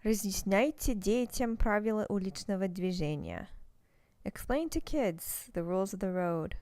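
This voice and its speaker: A woman with a medium-pitched, slightly mellow voice and lively intonation teaches a recorded language lesson. She explains things step by step and pronounces example words slowly and carefully, on a dry recording.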